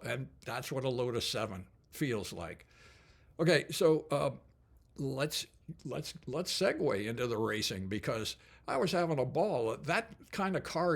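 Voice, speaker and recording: A man's voice: mid-range voice, big pitch swings, measured pace. An older man, a company founder, telling stories casually in an enthusiastic, colorful way with frequent asides. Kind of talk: casual storytelling.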